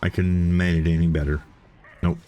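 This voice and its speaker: A man's voice: deep voice, little pitch movement, fairly quick, mellow. A man giving casual, chatty commentary as he plays a game, thinking aloud and repeating himself. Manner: playful self-talk. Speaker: let's play host.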